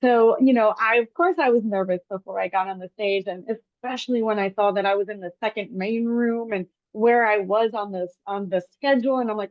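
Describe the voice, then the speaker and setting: Animated woman podcast host telling stories. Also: medium pitch, fairly quick, few pauses, no room sound. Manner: animated storyteller, lively quoted asides. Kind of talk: casual interview chat. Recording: dull, dry lo-fi podcast audio.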